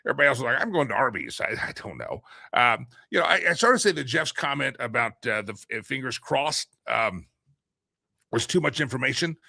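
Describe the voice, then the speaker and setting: A man's voice: mid-range voice, lively intonation, fairly quick, vocal fry, sharp tone, breathy edge, no echo, studio quality. A middle-aged man hosting a casual live-stream talk show, reading viewer comments aloud, joking and rambling with frequent laughs.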